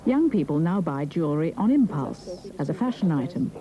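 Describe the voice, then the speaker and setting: A woman reading a documentary narration in a measured, even way. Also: lowish voice, highs cut off, a crowd in the background. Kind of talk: scripted narration.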